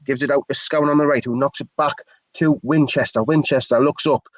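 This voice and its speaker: A man's voice: medium pitch, steady tone, a little fast, low-quality recording. A man giving chatty, opinionated live play-by-play commentary for a fan stream. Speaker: match commentator.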